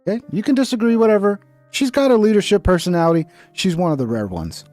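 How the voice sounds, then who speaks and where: A man's voice: high-pitched, expressive, fast talker, darkish tone, faint music behind. A man hosting a live reaction stream, commentating on clips with crude, mocking banter. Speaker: livestream host reacting to clips.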